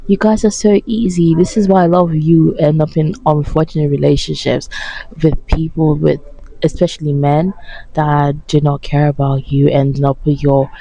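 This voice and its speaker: A woman's voice: low voice, little pitch movement, moderate pace, dark tone, poor audio. A tired woman ranting to camera about a reality dating show, blunt, sarcastic and full of swearing. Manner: blunt, sarcastic, profane, mocking. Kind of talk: casual rant to camera.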